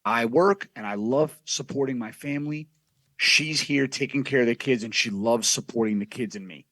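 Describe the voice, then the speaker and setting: A man's voice: medium pitch, normal speed, fairly bright tone, dry recording. Brash profane man telling a story. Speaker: podcast guest. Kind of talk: casual storytelling.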